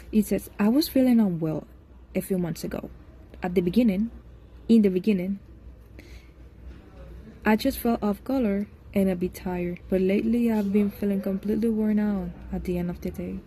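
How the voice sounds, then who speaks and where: A woman with a mellow, warm voice reads a textbook lesson aloud, pausing to correct her own small slips. Faint background noise sits under her voice. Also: medium pitch. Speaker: English teacher.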